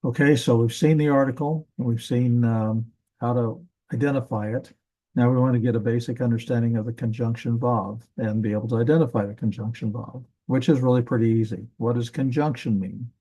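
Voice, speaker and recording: Mellow-voiced man teaching Hebrew grammar. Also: medium pitch, steady tone, a little fast, poor audio. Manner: casual, thinking aloud with self-corrections. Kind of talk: classroom grammar lesson.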